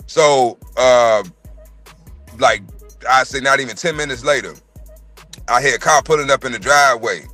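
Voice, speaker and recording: A man, telling a story in casual, profane chat and acting out quoted voices loudly. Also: medium pitch, normal speed, long pauses, faint music behind. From North Carolina. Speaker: podcast co-host. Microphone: livestream mic.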